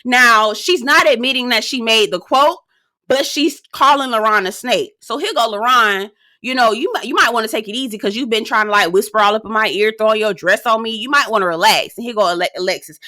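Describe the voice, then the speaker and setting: A woman in her thirties giving a sassy, animated recap of a reality show, with laughing asides and quoted lines. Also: on the high side, brisk, dry recording, clean studio sound. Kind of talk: casual recap commentary.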